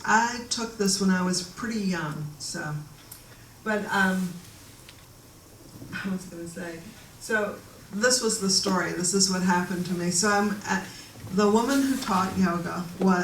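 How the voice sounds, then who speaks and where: A woman giving a reflective talk about her own experiences to a gathered audience, pausing and restarting as she goes. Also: mid-range voice, slight background noise. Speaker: guest speaker. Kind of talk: personal storytelling talk. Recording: echoey room from far off.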